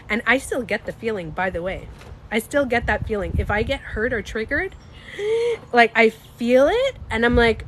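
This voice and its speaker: A woman talking casually to her live-stream viewers, animated and emphatic, swearing and laughing as she goes. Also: on the high side, normal speed, a little hiss or hum. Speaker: beauty coach and vlogger.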